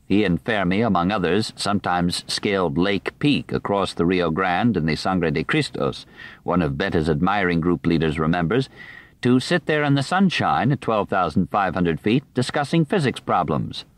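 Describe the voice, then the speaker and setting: A man narrates a nonfiction audiobook in a measured, even reading style. His voice sits on the low side. The studio recording is close and dry, with no room sound. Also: no echo.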